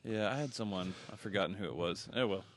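A man's voice: fairly low pitch, fast talker, dry recording. A man bantering and joking among friends in a casual group chat. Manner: joking, playful, laughs often.

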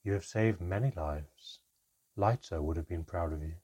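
A man's voice: low voice, moderate pace, warm tone, slightly rough, voice pushed down. A man voicing a mysterious hooded woman with a melodic, scornful voice in a storybook reading. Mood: soft whisper.

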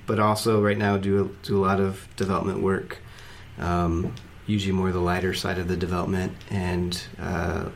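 Hesitant low-voiced man on a podcast. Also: gravelly, a little hiss or hum. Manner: hesitant, searching for words. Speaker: podcast co-host. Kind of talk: casual podcast chat.

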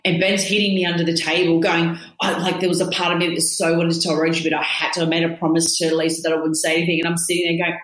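A woman with a notably low voice chats and tells animated stories, laughing often. She sounds like she is in an echoey room. It is a relaxed, casual conversation. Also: quick pace, few pauses. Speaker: podcast co-host. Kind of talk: casual chat.

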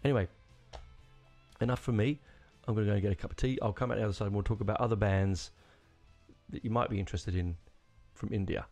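A man talks on his own as a podcast host, rambling with plenty of restarts and real enthusiasm. His voice sits low and gravelly. Soft music plays faintly behind him. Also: fairly even intonation, fast talker. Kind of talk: casual solo rambling.

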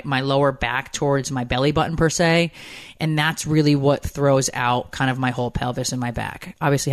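Woman in her forties, co-host, lively rambling storyteller, dry close sound. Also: very deep voice, dry recording. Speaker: podcast co-host. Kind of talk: casual chat.

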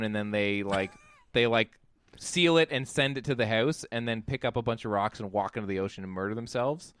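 A man in casual chat who recaps a movie in an animated, profane storytelling way. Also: lowish voice, a little fast, clear, resonant tone, no echo.

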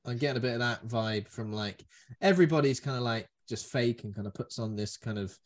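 A man's voice: medium pitch, fairly quick. A man hosting a casual film review chat, rambling and joking. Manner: rambling, jokey, does silly voices. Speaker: podcast host.

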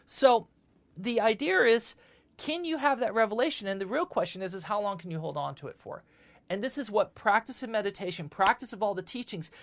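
A woman giving a spiritual lecture and answering questions, talking with lots of repeated words and frequent "okay?" checks. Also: mid-range voice. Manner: animated, repeats words, often asks "okay?". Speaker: spiritual teacher.

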